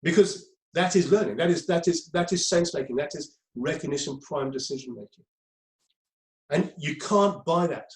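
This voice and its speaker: A man's voice: a little high, moderate pace. Man lecturing in an echoey room. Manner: conversational, repeats himself, many ums. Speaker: crisis management trainer. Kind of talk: lecture to a group.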